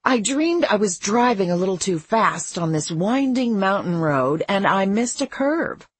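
A woman's voice: medium pitch, lively intonation, measured pace, breathy edge, dry recording, pitched above the performer's own voice. A woman narrator voicing a sardonic, languid young woman who speaks in a dry, bored, sarcastic way.

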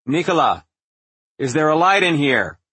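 A polite, uneasy male visitor who calls out into the darkness, as a narrator puts him on. The voice is pitched higher than the narration and sounds husky and dry. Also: lively intonation, moderate pace, fairly bright tone, dry recording. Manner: polite, uncertain calling out. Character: hesitant male visitor calling into the dark.

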